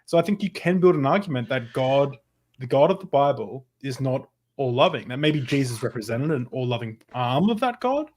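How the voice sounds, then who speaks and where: A man's voice: medium pitch, big pitch swings, moderate pace, a little mellow. A man hosting a casual podcast debate, interjecting eagerly with his own points.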